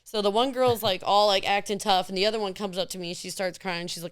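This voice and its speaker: A woman in her thirties, a podcast guest telling candid stories in an animated way, acting out the voices of others. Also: mid-range voice, fast, hardly any pauses, clear, resonant tone, no room sound, clean studio sound. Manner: animated, acts out quoted voices. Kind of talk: candid storytelling.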